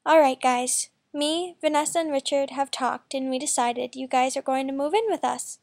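A woman voicing a cheerful, bossy middle-aged mother who talks in a loud, upbeat way, read from a story. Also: high voice, steady tone, moderate pace, creaky.

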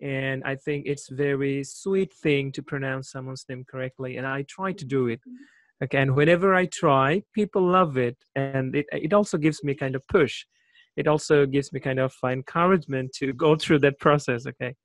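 A man's voice: mid-range voice, moderate pace, no echo. Earnest man on a voice call, dry sound. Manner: earnest, thoughtful, speaks at length with hesitations. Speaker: chat participant. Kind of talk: casual group voice chat. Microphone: computer microphone on a video call.

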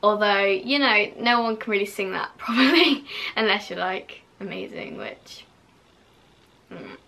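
Gushing young woman with a bright voice. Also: medium pitch, sing-song, unhurried, creaky. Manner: gushing, full of fillers, drops to whispers at times. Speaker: vlogger. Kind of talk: casual chat to camera.

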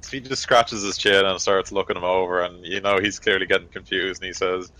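Man, very deep voice, game master, rambling tabletop narration, lots of fillers. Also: level tone, brisk, hardly any pauses, sharp tone, rough recording.

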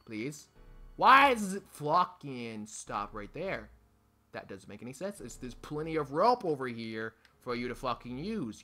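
A young man runs let's play commentary for his gaming channel, talking to the game and alternating between curses and frustrated pleas. He has a mid-range, animated voice that is bright and forceful, delivered at a moderate pace.

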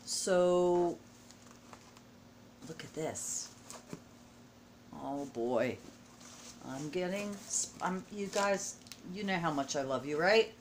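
At home indoors, an American middle-aged woman vlogs a casual unboxing, gushing with emotional exclamations as she opens a package. Her voice is fairly low, her pace slow with long pauses, and there's slight background noise.

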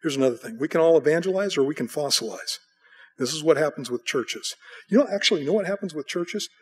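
A middle-aged American man preaching a sermon as pastor, telling stories in an animated way and acting out voices. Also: on the high side, fast talker. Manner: animated storytelling, acting out voices with bleats and bursts of excitement.

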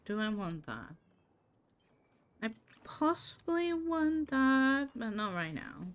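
A woman streamer talks to her chat while she plays, unhurried and easygoing. Her voice is a little high and swings up and down a lot. She laughs often and greets viewers by name. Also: sing-song, clear, resonant tone. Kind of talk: casual live-stream chat while gaming.

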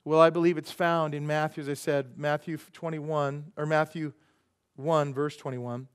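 A male pastor whose voice sits high for a man preaches a sermon at a church service. He talks to the congregation in a chatty way and keeps asking them questions. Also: little pitch movement, normal speed, clean tone. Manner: chatty, asks the crowd "how many know", preaches then prays softly.

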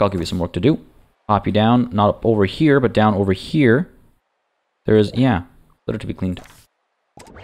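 A man's voice: lowish voice, a little mellow. A man hosting a let's play, chatting and thinking aloud as he plays, often poking fun at himself. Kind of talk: game commentary.

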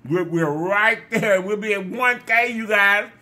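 A man's voice: high-pitched, unhurried, sharp tone. A man vlogging casually to his viewers while eating, effusive and repetitive, sometimes talking with his mouth full. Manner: effusive, repeats phrases, talks with food in mouth. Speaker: mukbang vlogger.

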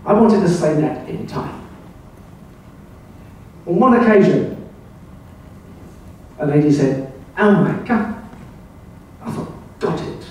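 An older man from England gives a club talk with slides and tells wry little anecdotes. His voice is mellow and a touch higher than most men's. It comes from far off in a very echoey room with faint hiss. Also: lively intonation, takes it slowly, long pauses. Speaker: club speaker. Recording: very echoey room, voice heard from afar.

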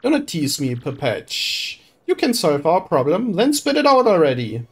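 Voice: medium pitch, sing-song, breathy edge, soft background music. A streamer doing a pompous merchant braggart. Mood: grandiose. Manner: grandiose, theatrical, slow drawn-out delivery. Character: pompous flamboyant rich male merchant. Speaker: streamer voicing game dialogue.

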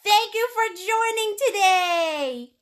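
Woman painting instructor, playful and warm with viewers, bright voice with unhurried delivery. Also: very high voice, lively intonation. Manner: chatty and encouraging, greets viewers with pet names; playful, laughs often. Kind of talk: live-streamed painting lesson.

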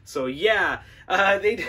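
A man's voice: high-pitched, lively intonation, slow pace, pushed and bright, breathy edge. A man hosting a podcast, giving a casual, profane and sarcastic film review with frequent laughter. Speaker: podcast host.

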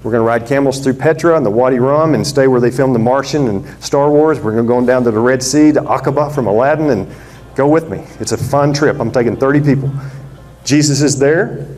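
A man preaching a sermon, telling the story with lively drama and acting out the characters in different voices. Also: medium pitch, fairly quick.

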